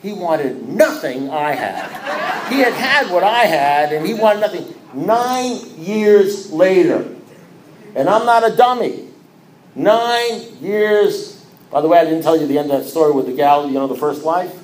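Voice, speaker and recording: A man telling his own recovery story to a group, animated and self-mocking, often restarting his sentences. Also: on the high side, unhurried, roomy sound, slight background noise, rough recording. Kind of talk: personal testimony to a group.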